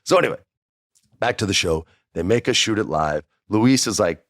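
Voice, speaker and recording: A man's voice: deep voice, brisk, dry recording, clean studio sound. A man from New Mexico in his forties, hosting a podcast and telling a backstage anecdote, acting out the people in it. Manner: animated, acts out quoted voices. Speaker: podcast host. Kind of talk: storytelling anecdote.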